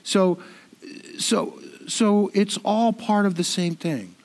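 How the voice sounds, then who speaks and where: A middle-aged man preaching in a high voice. He keeps it conversational and self-deprecating, often doubling back on his words as he talks. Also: slow pace. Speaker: pastor. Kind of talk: sermon.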